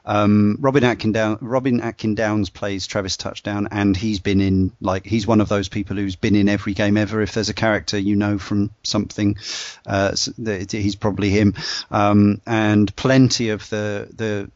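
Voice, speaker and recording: A man's voice: on the low side, little pitch movement, normal speed, few pauses, a little mellow, no echo. A man hosting a casual discussion, rambling with many fillers and restarts. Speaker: podcast host. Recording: dull dry lo-fi sound.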